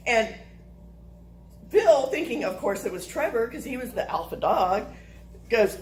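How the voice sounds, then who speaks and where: A woman telling a personal story to listeners, animated and laughing through the funny parts. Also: fairly high pitch, normal speed, pauses often, a faint crowd, poor audio.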